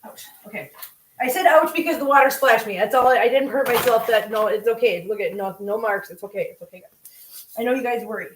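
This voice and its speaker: A woman's voice: fairly high pitch, fairly quick, reverberant, a little hiss or hum, low-quality recording. A woman hosting a cooking livestream, chatting emotionally and gushing thanks at her viewers while she cooks at home. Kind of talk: casual live-stream chat while cooking. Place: home kitchen.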